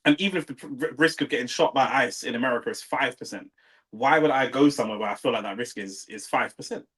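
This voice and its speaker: A man's voice: medium pitch, fast, a bit bright. A man, co-hosting a heated casual debate, arguing hard, repeating himself and cutting in. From England. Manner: argumentative, repeats himself, interrupts.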